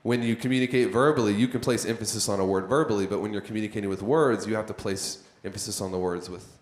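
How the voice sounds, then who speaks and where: A man with a fairly low voice teaches a workshop on writing content and keeps quizzing the people in front of him. His tone stays chatty and direct. The sound bounces around the room he is speaking in. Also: steady tone, fast talker. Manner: conversational, quizzes the audience. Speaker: content creation trainer. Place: room with a live audience. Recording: echoey room.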